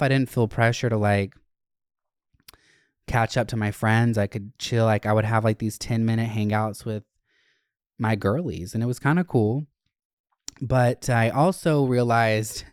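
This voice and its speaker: A young adult podcast host telling stories in a casual, animated, profane way. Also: mid-range voice, smooth, no echo, studio quality. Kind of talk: casual chat.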